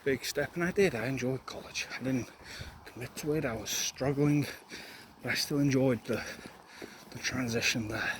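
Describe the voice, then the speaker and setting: A young man talking candidly and reflectively while walking, out of breath, with frequent pauses and restarts. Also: medium pitch. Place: outdoors walking up a hill. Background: loud outdoor noise.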